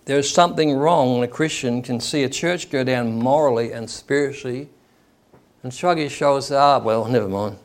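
A man's voice: medium pitch, fairly quick. Man preaching in a conversational tone. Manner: conversational preaching, acting out quoted people. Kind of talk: sermon.

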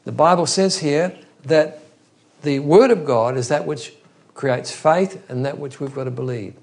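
A man's voice: a little high, unhurried, creaky, a little mellow. A man preaching an expository Bible teaching in an earnest, emphatic way, often restarting his phrases.

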